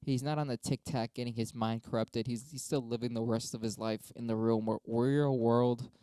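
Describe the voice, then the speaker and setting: A man's voice: mid-range voice, fairly even intonation, moderate pace, dark tone, clean tone, dry recording. A young man talking casually on a stream, arguing both sides of debate prompts with himself in a rambling, profane way. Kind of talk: casual solo monologue.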